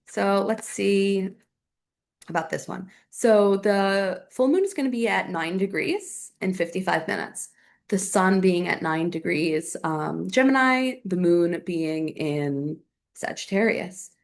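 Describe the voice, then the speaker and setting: A woman's voice: lowish voice, slow pace, vocal fry. A young adult woman hosting a solo astrology podcast, chatting casually and thinking aloud with lots of fillers.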